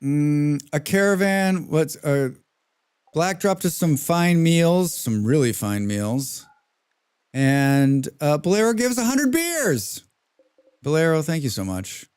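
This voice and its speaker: A man with a slightly higher-than-usual voice streams a game live. He talks in a loose, chatty way, drifting into rants and thanking viewers between moves. The delivery is casual and unscripted. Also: sing-song, takes it slowly, a little mellow, clean tone. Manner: chatty, ranting, reads out chat names. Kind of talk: casual live-stream commentary while playing.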